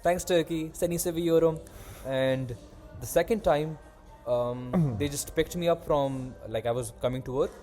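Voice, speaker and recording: A young man hosting a casual podcast, telling animated, rambling stories and swearing freely. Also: fairly high pitch, a little slow, few pauses, soft background music. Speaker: podcast host. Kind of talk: casual chat.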